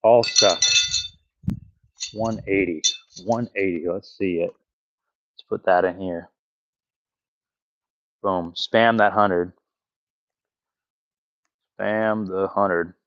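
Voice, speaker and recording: A man's voice: low-pitched, fairly even intonation, drawn-out words, long pauses, no echo, lo-fi sound. A man live-streaming his backyard axe throwing, counting his throws aloud, swearing and talking to his chat. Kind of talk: live-stream commentary while throwing axes. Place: backyard outdoors.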